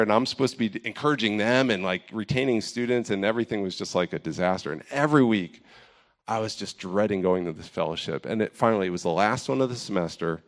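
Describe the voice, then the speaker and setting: A man in campus ministry telling a personal faith story in a candid, self-deprecating way, with many fillers and restarts. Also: medium pitch. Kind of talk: personal testimony, casual storytelling.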